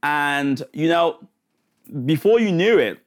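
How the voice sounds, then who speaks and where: A man's voice: on the high side, slow. A man preaching a sermon, telling a childhood story with lots of restarts and acting out the voices of the people in it. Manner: animated storytelling, acts out voices, frequent restarts.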